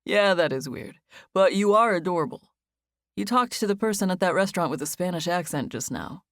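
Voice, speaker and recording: A woman reading a playful, teasing young man in an audiobook, lowering her voice only slightly. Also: animated, a little fast, dry recording, studio quality.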